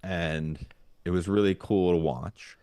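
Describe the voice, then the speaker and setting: A man's voice: deep voice, takes it slowly, warm tone, clear, resonant tone, no echo. A man co-hosting a parenting podcast, thinking aloud in casual chat with lots of fillers and restarts. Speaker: podcast co-host.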